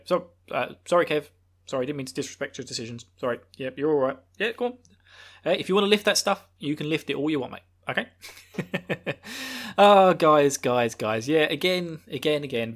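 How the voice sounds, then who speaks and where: Guy hosting a podcast, rambly and chuckly, middle-pitched. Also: fairly bright tone. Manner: rambling, laughing, self-interrupting. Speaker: podcast host. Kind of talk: casual chat.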